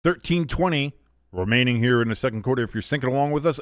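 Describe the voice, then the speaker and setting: Excitable man calling football live. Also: mid-range voice, quick pace, no echo, studio quality. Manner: excitable, swears, calls plays then mutters asides. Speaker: host of a live sports watch-along stream. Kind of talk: casual live play-by-play commentary.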